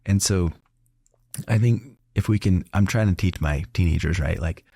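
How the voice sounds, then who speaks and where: A middle-aged man with a deep, gravelly voice and a touch of husky rasp hosts a relaxed interview. He tells stories warmly and animatedly, laughing and putting on voices for the people he quotes. The sound is close and dry. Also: normal speed, no echo. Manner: animated storyteller who laughs often and acts out quotes. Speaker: doctor and podcast host. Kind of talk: casual conversational interview.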